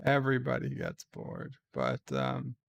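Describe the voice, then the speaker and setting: A man's voice: medium pitch, very animated, unhurried, creaky, no room sound. A middle-aged man hosting a livestream, reading viewer letters and chatting in a wry, rambling way that stammers on restarts. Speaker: livestream host. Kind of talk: casual stream chat, reading viewer letters.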